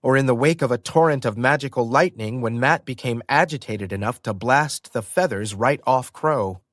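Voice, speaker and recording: An audiobook narrator with a mid-range voice reads a first-person story expressively at a moderate pace. The recording is studio quality with no echo.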